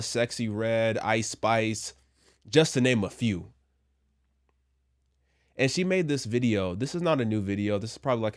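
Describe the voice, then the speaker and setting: A man giving casual commentary from a Christian view, chatty with joking asides, and a little under the weather. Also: mid-range voice. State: a little sick. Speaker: commentary vlogger.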